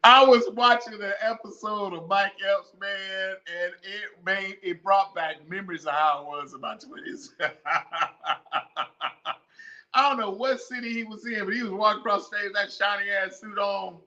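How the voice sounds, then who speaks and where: A middle-aged man on a podcast, talking in a bright, forceful voice that sits a little high for a man. He tells stories casually, full of slang, restarts and frequent laughter. The sound is dull and a bit lo-fi. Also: normal speed. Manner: laughs often, repeats himself, slangy and playful. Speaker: podcast host. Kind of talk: casual storytelling monologue.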